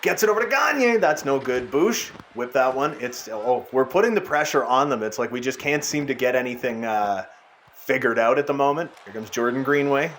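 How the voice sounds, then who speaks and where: A young man giving casual, excited play-by-play commentary over a hockey video game, his voice sounding worn out. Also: medium pitch, normal speed, slight background noise. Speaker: gaming YouTuber. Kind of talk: gameplay commentary.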